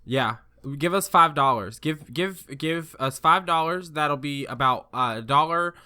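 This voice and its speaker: A man's voice: a little high, a little slow, sharp tone, clear, resonant tone. A man hosting a podcast in casual chat, joking and riffing playfully. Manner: jokey, playful, riffs on others. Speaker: podcast host.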